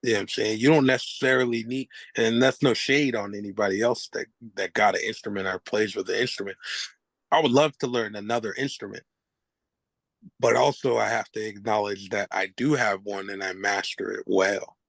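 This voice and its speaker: A man, a hip hop artist, talking as a guest in a casual conversation, loose and expressive, swearing and laughing often. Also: fairly low pitch, brisk, vocal fry, no echo.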